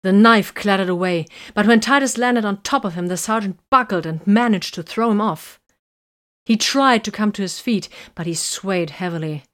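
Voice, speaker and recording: A woman reading a story aloud in a steady, measured narration. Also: medium pitch. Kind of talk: audiobook reading of fan fiction.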